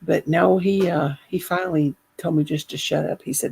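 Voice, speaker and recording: A middle-aged woman telling a funny story in a casual chat, animated and laughing as she goes. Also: deep voice, moderate pace, vocal fry, breathy edge, low-quality recording. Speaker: caller.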